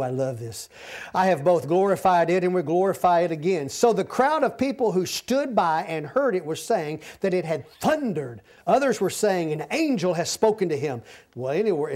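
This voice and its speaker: Folksy preacher, high voice. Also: male voice, darkish tone. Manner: folksy, humorous preaching with sudden swings in pitch and volume. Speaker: pastor. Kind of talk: sermon. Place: church sanctuary.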